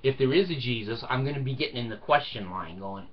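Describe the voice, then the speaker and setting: A man's voice: medium pitch, expressive, fast, lo-fi sound. An older man telling a personal story in a casual vlog monologue, blunt and emphatic, with frequent swearing. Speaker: vlogger.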